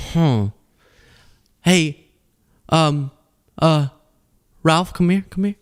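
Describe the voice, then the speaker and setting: A man's voice: fairly high pitch, extremely slow, long pauses, clear, resonant tone. A young man hosting a live political talk stream, joking casually, laughing often and sliding into mock voices.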